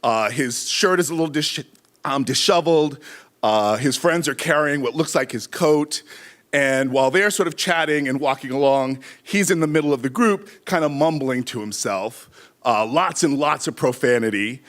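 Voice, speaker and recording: A middle-aged man telling a live story on stage, animated, acting out shouted quotes. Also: medium pitch, moderate pace.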